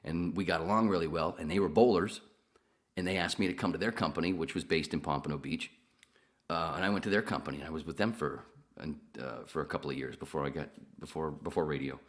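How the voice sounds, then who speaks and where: Deep-voiced man telling rambling stories. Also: fast. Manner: rambling, profane, laughs while telling stories. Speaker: podcast host. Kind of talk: casual storytelling chat.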